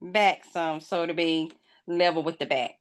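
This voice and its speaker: A woman's voice: sits low, fairly even intonation, unhurried. A woman hosting a craft video, talking casually and playfully to her viewers, teasing them with mock drama. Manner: colloquial, addresses viewers as y'all. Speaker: craft channel host. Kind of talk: casual vlog talk.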